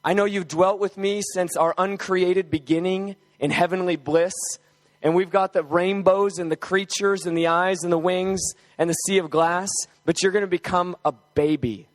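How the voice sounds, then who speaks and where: A man voicing God the Father as a calm, fatherly figure who teases his son gently. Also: sits high, normal speed, pitched below the performer's own voice, close to an everyday voice.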